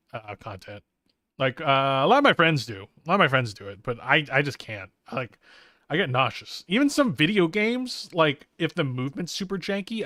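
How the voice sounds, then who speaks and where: A man's voice: fairly high pitch, sharp tone, no room sound, clean studio sound. A tired young man on a live stream, chatting playfully and rambling while he draws. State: tired but wired on coffee. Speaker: streamer and artist. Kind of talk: casual live-stream chat.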